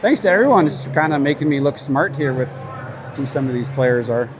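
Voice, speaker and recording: Excitable man calling amateur hockey. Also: a little high, fairly quick, a little hiss or hum. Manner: chatty, excitable, cheers for his team. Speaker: play-by-play commentator. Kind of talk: casual amateur hockey livestream commentary. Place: at a rink with a crowd.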